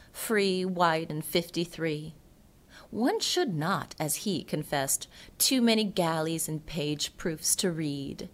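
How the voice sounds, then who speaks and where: A woman gives a poetry reading, her voice sitting a little low. She takes the lines very slowly and often lets them sink into a soft whisper. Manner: slow, hushed delivery dropping into whispers. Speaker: poet.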